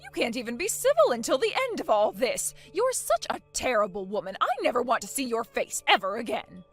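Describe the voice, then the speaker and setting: Woman playing a loud demanding mother-in-law, indignant, lively swooping pitch, faint music underneath. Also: fairly quick. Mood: outraged. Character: bossy angry middle-aged mother-in-law. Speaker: voice actor. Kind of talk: animated story voice acting.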